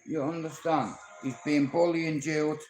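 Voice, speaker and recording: A man's voice: a little high, fairly even intonation, measured pace, darkish tone, reverberant, faint music behind, low-quality recording. A man from Ireland with a Dublin accent, talking on a livestream in a rambling, profane, confrontational way as he tells stories from his life. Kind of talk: rambling live-stream monologue.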